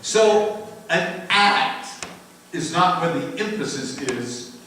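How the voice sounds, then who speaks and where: An older American man teaching a church Q&A, lively and emphatic, laughing often and repeating words for emphasis. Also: high voice, slow, slight background noise. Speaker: pastor teaching a Q&A. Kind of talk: conversational Bible teaching. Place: church sanctuary. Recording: very echoey room, mic far off.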